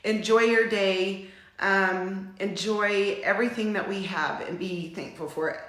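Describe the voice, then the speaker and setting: A middle-aged woman from Utah hosting a casual livestream, chatting in a warm, rambling way and getting teary. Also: mid-range voice, steady tone, unhurried, reverberant. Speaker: livestream host.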